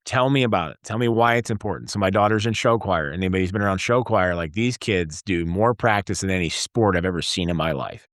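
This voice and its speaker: Male guest in his 40s, low-pitched, dry close sound, animated storyteller. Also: fast, few pauses, no room sound. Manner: energetic storyteller, acts out dialogue. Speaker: guest entrepreneur. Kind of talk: casual interview conversation.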